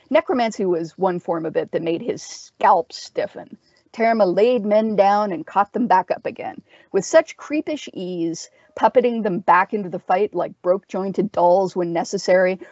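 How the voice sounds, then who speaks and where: A woman narrating a macabre fantasy tale in a measured, expressive reading voice of middling pitch. The recording is dry and close, with a dull, lo-fi tone. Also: dry recording. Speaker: story reader. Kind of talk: dark fantasy audiobook narration.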